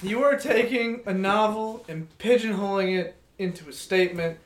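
A man co-hosting a casual podcast, tossing in quick joking banter. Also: high voice. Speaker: podcast co-host. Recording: roomy echo.

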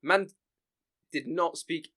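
A man's voice: a little high, slow, pushed and bright. A young man hosting a casual podcast, brash and full of swearing as he tells stories. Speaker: podcast host. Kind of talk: casual chat.

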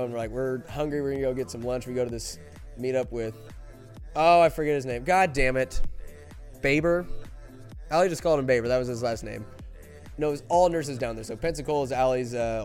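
A man's voice: medium pitch, a little mellow. A man hosting a podcast, telling a comedic travel story in a profane, emphatic, rambling way. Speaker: podcast host. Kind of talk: casual comedic storytelling monologue.

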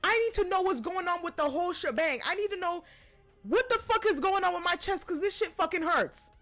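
A woman's voice: very high voice, animated, brisk, a bit bright, faint music behind. A woman in her twenties telling a personal story in a casual, profane, exasperated way. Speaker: podcast host.

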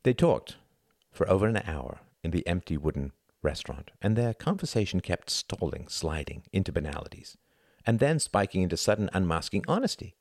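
A male audiobook narrator with a low voice. He reads in a measured, intimate way. The recording is close and dry, with no room sound. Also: sing-song, a little mellow, dry recording.

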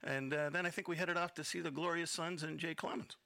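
Male radio host, gravelly and bright, nervous and rambling, dry close mic. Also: a little high, fairly even intonation, fairly quick, no room sound. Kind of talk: casual interview chat.

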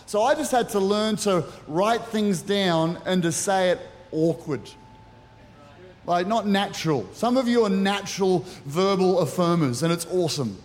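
A man's voice: high-pitched, expressive, a little slow. A middle-aged man preaching as a pastor at a church service, earnest and personal with touches of light humor. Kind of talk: sermon. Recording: reverberant church hall.

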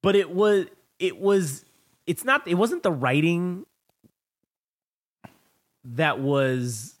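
A man with a fairly high voice that swings widely as he tells the story. He co-hosts a film-review podcast in a casual chat, swears freely and acts out lines from the film. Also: slow pace. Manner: animated, profane storytelling, acts out movie lines. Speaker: podcast co-host.

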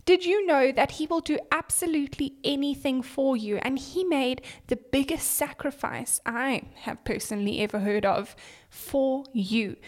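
A young woman hosting an upbeat children's devotional podcast, bubbly and chatty as she calls out to young listeners. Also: sits high. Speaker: children's pastor.

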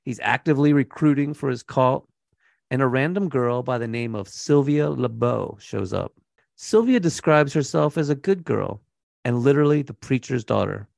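A man's voice: medium pitch, moderate pace, gravelly, darkish tone, no echo, clean studio sound. A man co-hosting a true crime podcast, telling the story in a laid-back, casual way and laughing now and then. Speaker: podcast co-host.

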